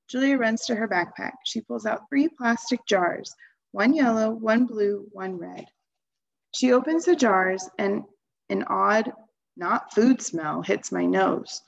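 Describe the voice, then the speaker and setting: A woman reading a children's novel aloud in a calm, even storytelling voice. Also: a little high, a little slow, creaky, dull audio. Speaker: reader.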